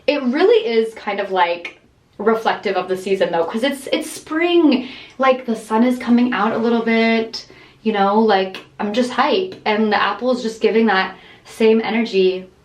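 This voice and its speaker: A woman's voice: a little high, moderate pace. Bubbly young woman vlogging, full of "like". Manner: bubbly and excitable, heavy on filler words like "dude" and "like"; reads book passages aloud in a calmer voice. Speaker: lifestyle vlogger. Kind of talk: casual chatty vlog. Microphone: phone camera.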